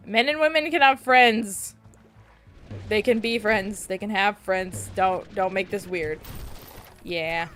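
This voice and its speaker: A woman's voice: mid-range voice, takes it slowly, pauses often, a bit bright, faint music behind. A young woman streaming a video game, chatting casually and rambling, with sudden squeals at the game. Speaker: VTuber streamer. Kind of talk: casual gameplay chat.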